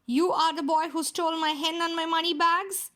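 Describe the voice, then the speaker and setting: A woman's voice: very high-pitched, steady tone, moderate pace, fairly bright tone, voice pushed up. A woman voicing a huge, roaring, man-eating male giant in a children's story. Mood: furious. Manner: roaring, threatening.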